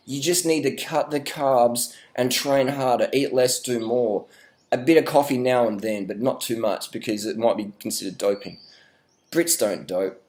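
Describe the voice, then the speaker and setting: A man's voice: medium pitch, normal speed, darkish tone. An Australian man rambling through a sarcastic, mock-serious vlog rant with plenty of swearing. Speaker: vlogger.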